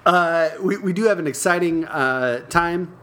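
A middle-aged man co-hosting a casual sports and beer podcast, animated and jokey, prone to mocking outbursts. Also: on the high side, measured pace. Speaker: podcast co-host.

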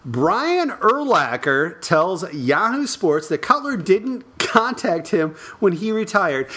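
A middle-aged man co-hosting a casual sports and beer podcast, animated and jokey, prone to mocking outbursts. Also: sits high, takes it slowly, hardly any pauses, slightly rough. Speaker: podcast co-host.

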